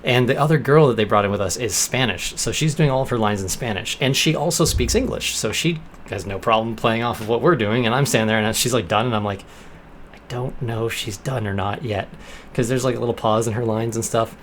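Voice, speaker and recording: A man's voice: mid-range voice, a little fast. Young man, casual vlog storytelling, acts out quotes, faint background hiss. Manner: animated, acts out quoted lines in bursts. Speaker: vlogger.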